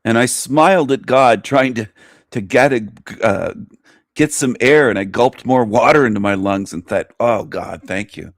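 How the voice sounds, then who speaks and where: Guy ranting mocking stuff on his show, dry close sound, middle pitch. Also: unhurried, no echo. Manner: scornful, mocking, animated ranting. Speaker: host. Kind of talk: commentary on a played video.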